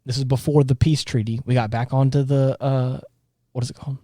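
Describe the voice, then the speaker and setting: A man's voice: mid-range voice, fairly quick, no room sound. Ranting man on a dry podcast mic. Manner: animated, ranting, breaks into exasperated laughs. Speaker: podcast co-host. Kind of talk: casual chat recapping a film.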